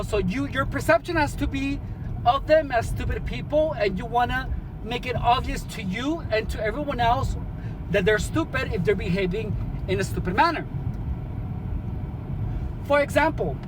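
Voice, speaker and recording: A man's voice: very high-pitched, noisy background. A man talking casually as a vlogger, giving advice in a rambling way with many restarts.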